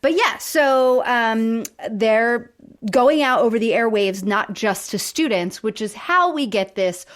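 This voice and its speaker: A woman co-hosting a podcast in casual chat, retelling sitcom scenes in a lively way with quoted dialogue. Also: on the high side, takes it slowly. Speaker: podcast co-host.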